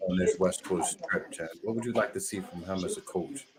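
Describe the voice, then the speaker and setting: A man hosts a relaxed sports podcast in a fairly low voice. He talks in a loose, slangy way and laughs easily. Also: brisk, a crowd in the background. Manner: laid-back, slangy, laughs often. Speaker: podcast host. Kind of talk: casual sports chat.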